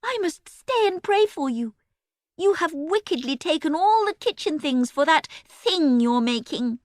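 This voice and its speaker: A woman's voice: lively intonation, measured pace, no room sound, studio quality. Woman voicing a pious cooing young girl. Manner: sweet cooing, high-pitched. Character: young girl, bossy, suddenly saintly and pious.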